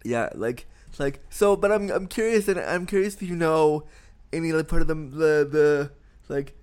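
A man with a notably high voice hosts a casual chat. He speaks bluntly, swears without holding back and strings thoughts together with lots of "like". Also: moderate pace, a little mellow, clean tone. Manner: frank and blunt, swears, fills with lots of likes. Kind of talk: casual conversational interview.

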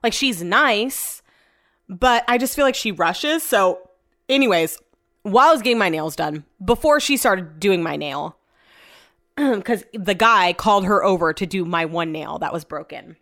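A woman's voice: mid-range voice, lively intonation, unhurried, fairly bright tone. A young woman at home chatting casually through a rambling storytime vlog, frank and loose with swearing. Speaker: vlogger. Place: home, indoors.

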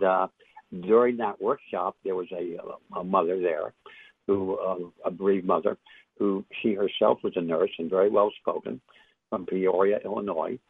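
Older male guest, low husky voice, reflective and halting storyteller on a phone line. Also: no room sound. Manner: reflective, halting with many fillers and restarts. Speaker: interview guest, author. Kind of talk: casual storytelling interview.

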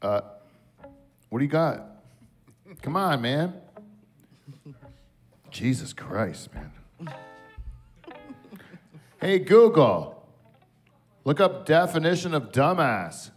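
A man's voice: mid-range voice, very animated, takes it slowly, long pauses, slightly rough, faint music behind. Joking man hosting a late show. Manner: joking, blunt, swears freely. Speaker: late-night show host. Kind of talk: casual on-air banter.

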